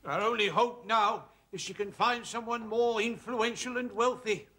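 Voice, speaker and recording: A fussy, pompous Roman father stumbling over his words. His voice sits high with a bright, forceful edge. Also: moderate pace, a little hiss or hum. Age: middle-aged. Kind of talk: 1970s TV sitcom acting.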